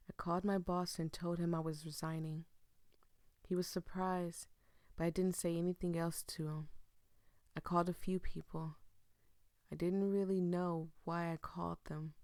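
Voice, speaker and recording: A woman's voice: fairly low pitch, little pitch movement, moderate pace, pauses often, warm tone, dry recording, studio quality, close to an everyday voice. A woman reading as a grieving, despairing policeman.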